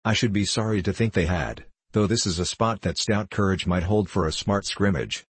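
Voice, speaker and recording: A man's voice: low voice, normal speed, breathy edge, no echo. A man reading the part of a blunt, stubborn veteran frontier scout who talks in plain old-fashioned backwoods speech. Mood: wary.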